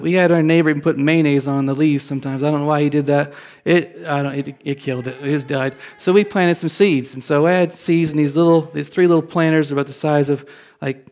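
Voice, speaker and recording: Man in his fifties telling a sermon story. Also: on the high side. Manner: chatty storytelling with many restarts, gets animated at punchlines. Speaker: pastor.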